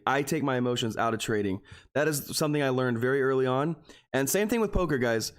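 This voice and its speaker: A man's voice: mid-range voice, animated, quick pace. Rambling man chatting to his stream viewers. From Texas. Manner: rambling, talks straight to his viewers, keeps saying "guys"; earnest and openly emotional. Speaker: stock trading livestreamer. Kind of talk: casual live stream chat.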